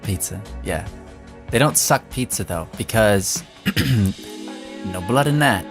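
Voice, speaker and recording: A man's voice: fairly low pitch, expressive, takes it slowly, over music. A man co-hosting a casual comedy chat, giggly and rambling as he riffs on silly scenarios. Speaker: co-host.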